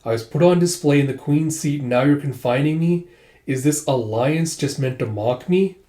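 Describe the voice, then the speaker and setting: A man voicing a proud, indignant young princess in a quiet, measured reading of a comic. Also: on the high side, lightly acted. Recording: echoey room.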